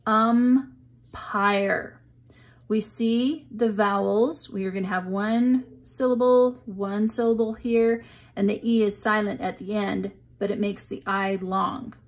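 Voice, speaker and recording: A woman teaching a children's reading lesson, talking slowly and patiently to young kids as she reviews words and walks through a picture book. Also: mid-range voice, steady tone. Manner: slow, patient, friendly teacher talk to children.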